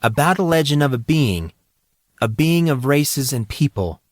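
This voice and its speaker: A man voicing a calm, knowing older man who speaks in a measured, deliberate way. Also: a little high, dry recording, studio quality, pitched above the performer's own voice. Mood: solemn.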